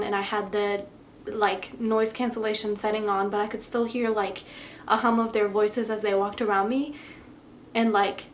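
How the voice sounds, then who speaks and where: A woman's voice: medium pitch, slight background noise. A young adult woman giving a casual book review on her vlog, effusive and heartfelt, gushing with emotion. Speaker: book vlogger.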